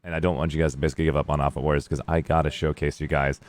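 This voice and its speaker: Male stream host, casual and rambling, deep voice, dry sound. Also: flat delivery, very fast. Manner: rambling, many fillers. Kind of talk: casual tournament stream chat.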